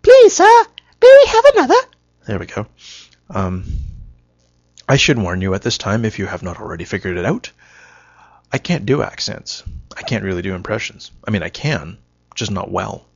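A man's voice: deep voice, normal speed, creaky, pauses often, fairly bright tone, breathy edge, no room sound. A man giving a rambling, self-mocking solo monologue, wry and punchy, on a dull lo-fi recording.

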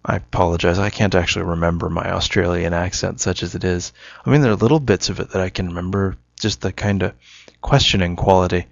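A man with a lowish voice spins a casual, meandering story and then muses aloud, stopping to correct his own words. The recording is dry and a little dull, like a home setup with no room sound. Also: steady tone, fast, gravelly, no room sound. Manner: rambling, self-correcting, musing.

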